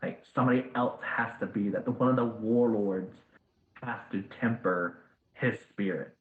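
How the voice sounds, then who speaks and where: A man's voice: fairly low pitch, moderate pace, natural voice. Man playing a tired, reluctant princess, earnest; tinny echoey chat-line sound. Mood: weary. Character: hesitant young princess, weary of her father.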